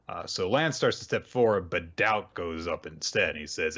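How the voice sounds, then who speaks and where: A deep-voiced man hosts a podcast and walks through a manga chapter in a loose, rambling way. He speaks in a bright, forceful tone and drops in wry asides. The audio is dull and lo-fi. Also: animated, normal speed, hardly any pauses. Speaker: podcast host. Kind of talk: casual manga recap chat.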